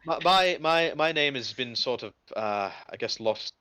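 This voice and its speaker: A man's voice: mid-range voice, animated, measured pace, sharp tone, dry recording. A man voicing a sentient male shield who talks in a prim, hesitant, stammering way during a tabletop game.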